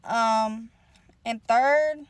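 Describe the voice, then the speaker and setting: A woman's voice: on the high side, very slow, dry recording. A young woman telling a personal story to her channel in a casual, profane, slangy way, rambling with lots of filler words.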